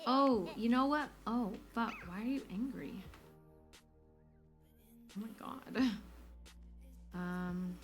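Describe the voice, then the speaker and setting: A woman's voice: a little high, slow pace, long pauses. A woman casually commenting on a life-simulation game she is streaming, swearing freely and talking to her characters, with game music behind her.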